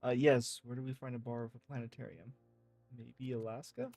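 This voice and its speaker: A man reading game text messages aloud in a casual, lively way, swearing freely. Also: mid-range voice, brisk, creaky, no echo. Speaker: gaming streamer.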